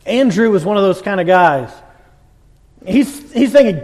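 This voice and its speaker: High-voiced animated preacher man. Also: unhurried. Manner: animated preaching, swings from loud and high to soft and low; folksy storytelling. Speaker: pastor. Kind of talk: sermon.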